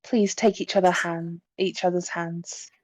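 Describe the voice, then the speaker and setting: A woman voicing a solemn female spirit medium who leads a séance in a tabletop game, speaking gravely and pleadingly. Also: fairly low pitch, level tone, measured pace, darkish tone, low-quality recording.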